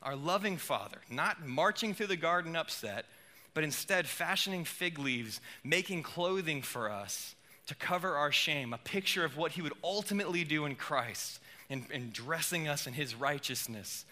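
A man giving a relaxed but lively sermon with playful asides. His voice is strikingly bright and sits a little high for a man. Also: moderate pace. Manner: casual and animated, with playful asides. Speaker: pastor.

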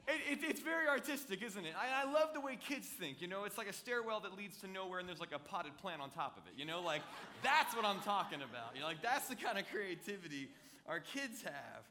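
Bright-voiced man preaching a casual sermon. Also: high voice, brisk. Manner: conversational, joking, animated with props. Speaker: pastor.

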